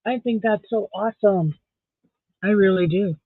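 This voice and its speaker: Gravelly, high-pitched man from Canada. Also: moderate pace, dry recording. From Saskatchewan, Canada. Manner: chatty, reads viewer comments aloud and answers them; talks to his dog between comments. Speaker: live-stream host. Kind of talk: casual late-night live-stream chat. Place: at home, late at night. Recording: dry, phone-like sound.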